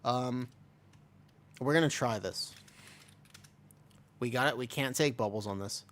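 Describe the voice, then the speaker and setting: A man's voice: medium pitch, unhurried, a bit bright. A young man from America, streaming a game and chatting casually with viewers, rambling and joking as he answers chat. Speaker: livestreamer. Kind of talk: casual livestream chat while gaming.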